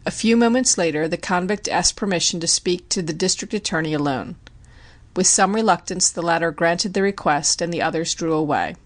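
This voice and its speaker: Measured woman audiobook narrator. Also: on the low side. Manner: measured, even storytelling. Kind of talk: scripted narration.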